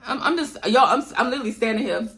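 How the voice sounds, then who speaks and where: Young woman, slightly high voice, casual storytime vlog, chatty, talks straight to viewers, acts out dialogue. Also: expressive, fast talker, fairly bright tone. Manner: chatty, addresses viewers as y'all. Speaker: storytime vlogger.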